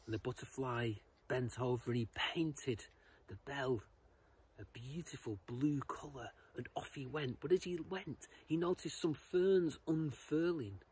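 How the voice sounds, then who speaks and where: A man telling a children's story, expressive, shifting between loud lines and whispers. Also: mid-range voice, a little slow, slight background noise, poor audio.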